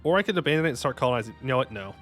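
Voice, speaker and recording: Guy streaming a strategy game, bouncy lively voice, kinda high, jokey, faint music behind. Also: racing. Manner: excitable, talks to himself and chat, jokey asides. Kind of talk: casual gameplay commentary.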